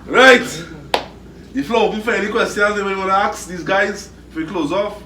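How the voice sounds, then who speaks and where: A man hosting an outdoor group interview, calling out questions to the crowd with lively energy. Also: high voice, brisk. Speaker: interview show host. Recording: echoey, distant, noisy outdoor ambience.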